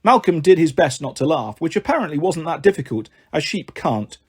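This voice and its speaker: A man reading a children's book aloud, narrating and voicing many characters with lively expression. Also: on the high side, fairly quick, husky. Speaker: storyteller.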